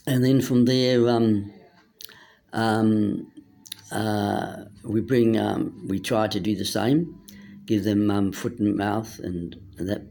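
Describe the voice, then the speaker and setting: A man's voice: fairly low pitch, gravelly, a little mellow, slight background noise. A man giving a meandering, hesitant monologue that keeps losing its thread. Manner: meandering, hesitant, loses his train of thought. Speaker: speaker. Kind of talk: rambling monologue.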